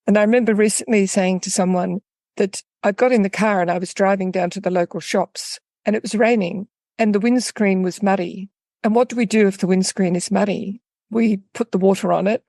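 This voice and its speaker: A woman coach speaking as an interview guest, thoughtful and unhurried, telling stories with small restarts. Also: mid-range voice, creaky, mellow, no room sound. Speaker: guest, coach for women in midlife. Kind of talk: reflective interview talk with storytelling.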